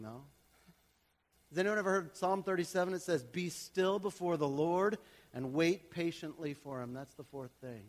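A man in his thirties or forties with a slightly high voice, a pastor delivering a conversational sermon to his church. He moves between quiet, chatty asides and loud, emphatic passages. The sanctuary adds a long hall reverb.

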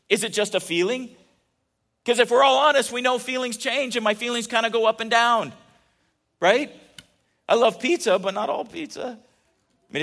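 Guy giving a chatty sermon, high voice, bright, jokes around and restarts a lot. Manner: chatty and joking, with many restarts. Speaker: pastor.

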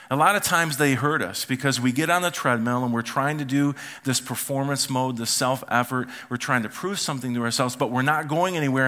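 A middle-aged pastor preaches to his congregation with a bright, forward voice at an ordinary pitch for a man. He tells homey stories and acts out the voices of his family along the way. The sound is that of a church service. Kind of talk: sermon.

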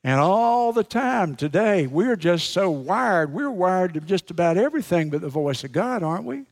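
A male pastor preaching a sermon with emphatic, dramatic pauses, repeating key phrases for effect. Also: sits high, big pitch swings.

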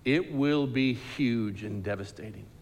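A man's voice: mid-range voice, measured pace, darkish tone, big-room sound, voice pushed down, natural voice. A man voicing a firm, plain-spoken prophet who delivers warnings, close to his own voice.

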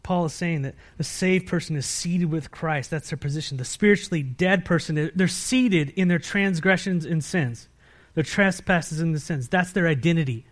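Emphatic American pastor preaching. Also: male voice, normal speed. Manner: asks the congregation questions and answers them himself; swings between loud emphatic peaks and quiet low-voiced stretches. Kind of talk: sermon.

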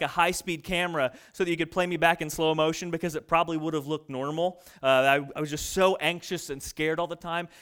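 A young adult man preaching a sermon, fast-talking and animated, mimicking people in quick asides. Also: a little high, clear, resonant tone. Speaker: pastor.

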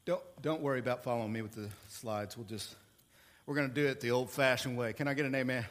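A male pastor preaching a sermon in an animated, playful way, with sudden jumps in pitch and volume. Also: fast talker.

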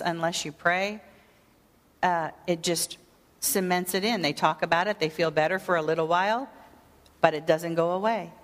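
Earnest woman preaching in a reverberant hall. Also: fairly low pitch. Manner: earnest, gentle, with frequent fillers. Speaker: prayer ministry teacher. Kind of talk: teaching sermon.

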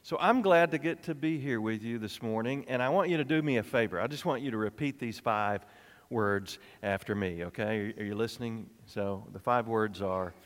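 A man who is an interim pastor, giving a playful children's sermon in a church and coaxing the kids with exaggerated enthusiasm. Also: mid-range voice. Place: church sanctuary. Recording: long church reverb.

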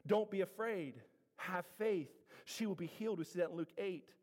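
Pastor, male, high voice, preaching with big dynamic swings, echoing sanctuary. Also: normal speed. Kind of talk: sermon. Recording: reverberant hall.

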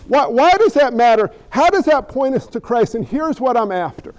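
A man's voice: very high-pitched, big pitch swings, moderate pace, dull audio. A man preaching a sermon as pastor, talking conversationally and playfully while questioning his congregation.

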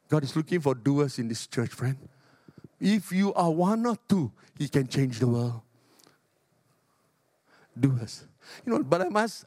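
An older man from Singapore with a Singaporean English accent, preaching a sermon as a pastor. He moves between loud exhortation and soft, low asides. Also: no room sound, clean studio sound.

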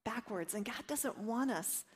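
A woman's voice: fairly high pitch, expressive, measured pace, slightly rough. A woman giving an earnest devotional teaching, mixing personal stories with scripture and voicing her own inner doubts. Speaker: Bible study teacher.

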